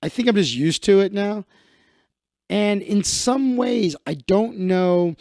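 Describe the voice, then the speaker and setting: A man's voice: slow, a little mellow, no echo, clean studio sound. A man from Chicago hosting a livestream in a casual comedic rant, swearing and acting out other people. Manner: swearing, acts out others in higher voices. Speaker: livestream host.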